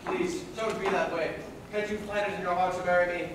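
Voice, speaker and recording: A man's voice: high voice, steady tone, brisk, noisy background, natural voice. A young man in a live school musical playing a sincere groom pleading with his bride. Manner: earnest, pleading. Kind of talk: live stage musical acting. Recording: echoey hall heard from far off.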